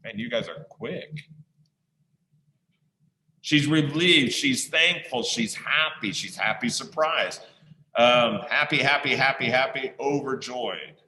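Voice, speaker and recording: A male teacher reading a story aloud to an online class, pausing often to ask the listeners questions. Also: medium pitch, sharp tone. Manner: slow, pausing to quiz listeners. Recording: echoey room sound.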